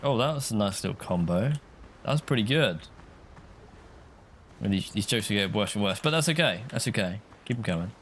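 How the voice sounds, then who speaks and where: A man's voice: fairly low pitch, lively intonation, fairly quick, long pauses, a bit bright, a little hiss or hum. Chatty man streaming a game. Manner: chatty, rambling, reads chat aloud. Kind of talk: casual game commentary.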